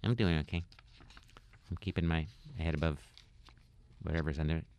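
A man's voice: extremely low pitch, fairly even intonation, moderate pace, darkish tone, slight background noise. A man voicing a cheerful, unbothered male atom who answers in dry, laid-back quips for a comedy radio bit.

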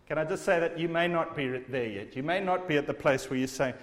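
High-voiced male preacher in a reverberant hall. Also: normal speed. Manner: emphatic, asks the audience rhetorical questions. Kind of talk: sermon.

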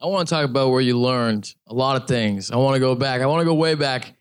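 A male interviewer asks measured, earnest questions. His voice is smooth and resonant, at an ordinary pitch for a man.

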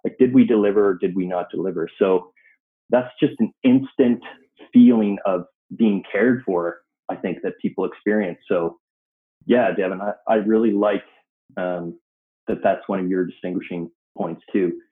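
A man's voice: sits low, normal speed. A man who owns a digital agency, speaking as a guest with enthusiasm and a habit of saying "like". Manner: enthusiastic, says "like" often. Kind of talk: casual business chat. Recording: tinny phone-like line.

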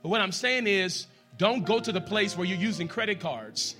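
A man preaching a sermon in a church as pastor, talking straight to the congregation and leading them in prayer, swinging from hushed lines to loud, emphatic ones. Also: high-pitched, moderate pace, music in the background. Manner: addresses the congregation directly, leads them in prayer.

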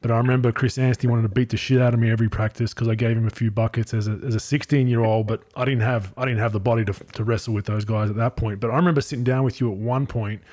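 Guy talking quick in a flat mellow voice, ex basketball player, blunt, swears. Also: medium pitch. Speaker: former basketball player, guest. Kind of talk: casual chat.

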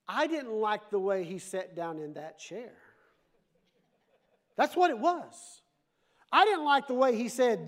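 A man preaching a sermon as pastor, animated, with playful asides to the congregation. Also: extremely high pitch, a little slow.

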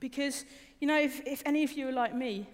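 A young adult woman preaches a conversational sermon that is informal and personal, often repeating words and asking her listeners questions. Her voice is high-pitched and brisk, and the recording echoes in a reverberant hall.

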